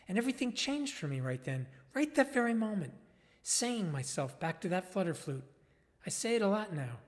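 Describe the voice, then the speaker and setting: A man playing an eager, awestruck male nature filmmaker narrating with enthusiasm, recorded with long reverb. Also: high voice. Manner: enthusiastic, wide-eyed. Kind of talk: dramatized monologue.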